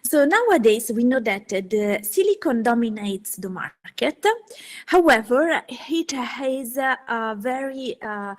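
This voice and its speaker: A woman delivers an academic lecture over a video call. Her voice sits a little high, and she talks in an animated, halting way, full of fillers. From Italy. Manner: animated, with frequent hesitations and fillers. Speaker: guest speaker.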